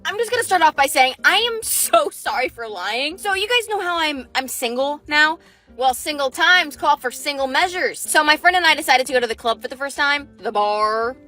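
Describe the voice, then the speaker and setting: A young woman content creator telling funny stories to camera in a dramatic, animated way. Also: high voice, normal speed, soft background music. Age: young adult. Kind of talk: casual storytelling vlog.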